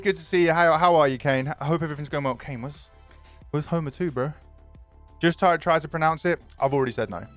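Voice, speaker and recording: A man's voice: medium pitch, fairly bright tone. A young man, chatting casually and jokingly with his stream viewers, swearing freely. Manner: chatty, jokey, quick to swear.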